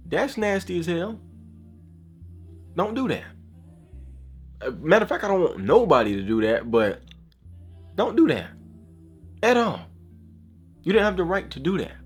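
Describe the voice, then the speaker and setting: A man's voice: on the high side, slightly rough. A man vlogging a casual opinion rant, emphatic and slangy, often saying bro and asking if you know what he's saying.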